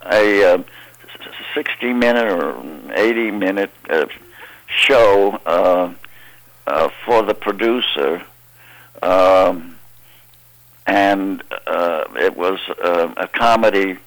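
An older man, an actor being interviewed, telling stories in a halting, meandering way. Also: sits low, rough recording. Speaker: actor guest. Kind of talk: interview storytelling.

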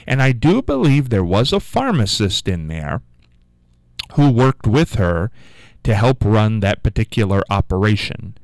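Low-voiced man hosting call-in radio, folksy and rambling, dry close studio mic. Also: sing-song, a little slow, darkish tone, no echo. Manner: folksy, rambling, with many fillers and restarts. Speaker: radio talk show host. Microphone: studio microphone.

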